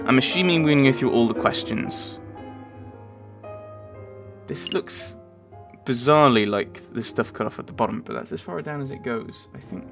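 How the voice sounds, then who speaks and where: A man's voice: mid-range voice, normal speed, vocal fry, a bit bright, soft background music. A man hosting a let's play, thinking aloud and rambling through casual game commentary.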